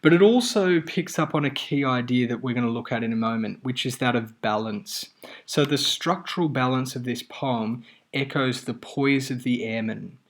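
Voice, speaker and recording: A man teaching a lesson on a poem, in a measured, explanatory way with occasional fillers. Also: medium pitch. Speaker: English teacher. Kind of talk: lecture on a poem.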